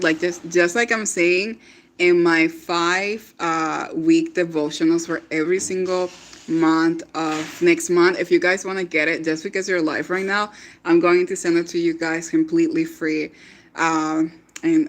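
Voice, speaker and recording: A woman's voice: on the low side, a little hiss or hum. Chatty encouraging woman livestreaming devotions. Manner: chatty and encouraging, laughs often, repeats words. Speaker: online prophetic speaker.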